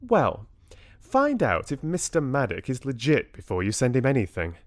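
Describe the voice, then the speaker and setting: A man's voice: medium pitch, huge pitch swings, no echo, studio quality, voice pushed up. A man voicing a frank, sceptical young woman friend with a British accent in an audiobook. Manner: brisk, forthright.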